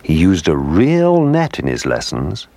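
A man narrating a children's storybook in a gentle, expressive way. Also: low-pitched, unhurried, dry recording.

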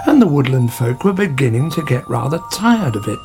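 A man narrating a children's story in a gentle, even reading voice. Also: mid-range voice, a little fast. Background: background music.

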